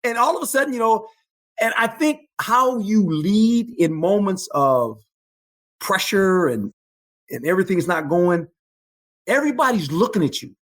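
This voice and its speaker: An older man, a former football coach, telling stories as a guest in an interview, animated and emphatic, often repeating phrases. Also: sits high, unhurried. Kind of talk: storytelling interview.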